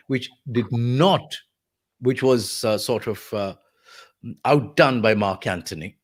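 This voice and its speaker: A man's voice: medium pitch, sing-song, measured pace. A man, a voice artist, explaining voice technique in an interview and acting out example lines like a teacher. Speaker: voice artist guest.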